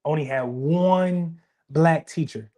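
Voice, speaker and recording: A man's voice: a little high, slow, dark tone. A young man, co-hosting a podcast in casual, emphatic conversation and often repeating himself. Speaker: podcast co-host.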